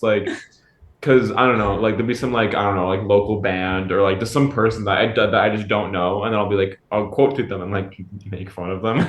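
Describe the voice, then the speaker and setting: A man with a fairly low voice chats casually as a podcast co-host. He rambles, stalls on fillers and restarts his sentences, and the sound comes through with a noticeable room echo. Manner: rambling, halting, full of fillers. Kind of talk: casual chat. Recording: echoey room.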